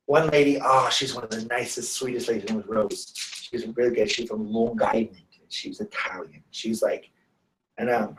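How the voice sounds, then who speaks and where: Recorded from a distance with a roomy sound and a little hiss or hum, this medium-pitched man tells stories in a casual interview. He's a guest teacher of students and clients from the San Francisco Bay Area, USA, animatedly acting out the people he quotes.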